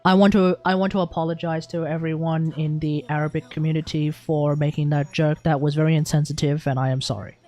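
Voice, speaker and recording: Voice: medium pitch, level tone, a little fast, hardly any pauses, a little mellow. A young adult with an Australian accent, chatting casually on a game live stream, rambling, swearing freely and restarting sentences.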